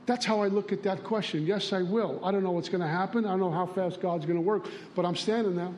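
Plainspoken New man, fairly high voice, sharing recovery stories with slight hiss behind. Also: steady tone, fast talker, a little mellow. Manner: storytelling, plainspoken, acts out dialogue. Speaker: recovery meeting speaker. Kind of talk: recovery share.

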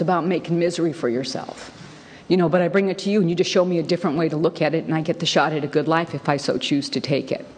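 A woman's voice: low voice, a little mellow, breathy edge. A middle-aged woman telling her story at a recovery meeting in a frank, rambling way, full of fillers and the odd swear word. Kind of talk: candid personal storytelling. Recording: long hall reverb.

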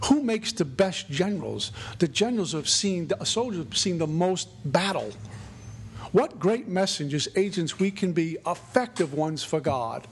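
A man's voice: high-pitched, expressive, moderate pace, slight background noise. A middle-aged man, sharing his recovery story in an earnest, repetitive way. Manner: earnest, repetitive, mantra-like phrasing. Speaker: recovery meeting speaker. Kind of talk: personal recovery talk.

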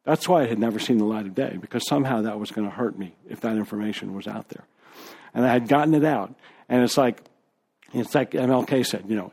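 A man's voice: medium pitch, brisk, creaky, a little mellow, breathy edge. A man as a guest speaker, telling his personal recovery story to a group in a candid, conversational way with fillers and asides.

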